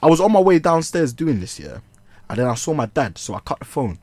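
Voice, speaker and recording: Lively young man telling a story. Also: on the high side, a little fast. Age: young adult. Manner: animated, slangy, laughs through his story. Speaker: podcast co-host. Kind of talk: comedic storytelling.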